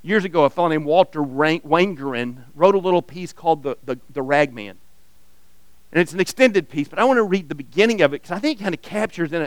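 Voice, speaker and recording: A pastor preaches in a high, ringing voice that carries cleanly. He speaks earnestly, circling back on words as he finds his phrasing, and the sound is dry and close with no room around it. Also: dry recording. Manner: earnest, reads aloud expressively, repeats words when restarting. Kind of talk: sermon.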